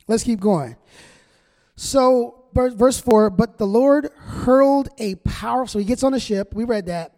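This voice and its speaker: High-voiced preacher in a reverberant hall. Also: male voice. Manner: animated, conversational preaching with acted-out quotes. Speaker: pastor. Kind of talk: sermon.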